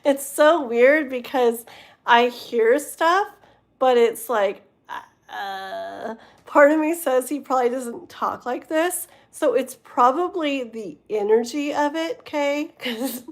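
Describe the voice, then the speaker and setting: A woman's voice: sits high, slow. A young adult woman doing a tarot reading on a livestream, casually chatting with viewers and filling her speech with "like" and "you know.". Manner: reads chat messages aloud and greets viewers by name. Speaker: tarot reader and livestream host.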